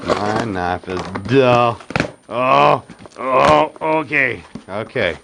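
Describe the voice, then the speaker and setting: Narrating as he unboxes something for his woodworking channel, this chatty, easily amused man speaks at medium pitch, expressively, with drawn-out words and a creaky quality. The noisy recording comes from a phone camera.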